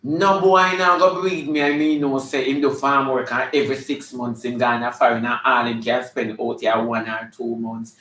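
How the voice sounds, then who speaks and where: A man's voice: medium pitch, flat delivery, normal speed, hardly any pauses, sharp tone, roomy sound, a little hiss or hum, rough recording. A man with a Jamaican accent doing live comedy, sassy and scolding in a flamboyant way, breaking into snatches of song. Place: live show venue.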